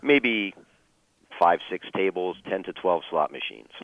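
A man telling a personal story as a guest, measured and full of fillers and restarts. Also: low-pitched, animated, no room sound, phone-quality sound.

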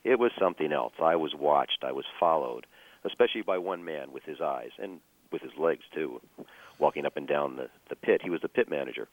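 A man telling a personal story as a guest, measured and full of fillers and restarts. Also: a bass voice, expressive, phone-quality sound.

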